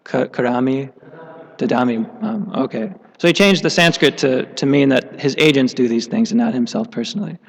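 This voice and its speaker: Male class speaker, casual halting storyteller, temple hall with long reverb. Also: mid-range voice. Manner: casual, halting with many fillers.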